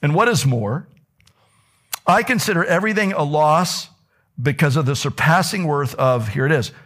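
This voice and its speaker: A middle-aged man preaching a sermon as pastor, telling stories with animation and a voice that climbs high when excited. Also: normal speed.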